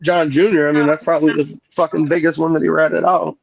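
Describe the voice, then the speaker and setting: Gravelly guy rambling on a call-in panel, dry dull audio, lots of ums. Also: fairly high pitch, little pitch movement, fairly quick, a crowd in the background. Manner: rambling, frequent fillers and restarts. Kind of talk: casual online radio chat. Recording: dull lo-fi sound.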